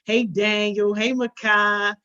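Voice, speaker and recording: A woman's voice: medium pitch, level tone, slow, pushed and bright, lo-fi sound. A woman hosting a live stream, upbeat and casual, greeting viewers one by one. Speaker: host.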